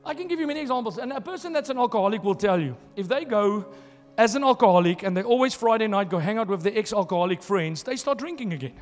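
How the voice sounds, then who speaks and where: A male pastor with a very high voice preaches emphatically, hammering home his points with repeated phrases. His voice rings through a reverberant church hall while soft music plays behind him. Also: expressive, quick pace. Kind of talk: sermon.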